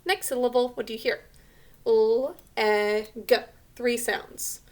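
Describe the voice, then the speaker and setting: A woman's voice: a little high, fairly even intonation, slow pace. A woman teacher giving a recorded spelling lesson, patiently sounding out each syllable and letter sound.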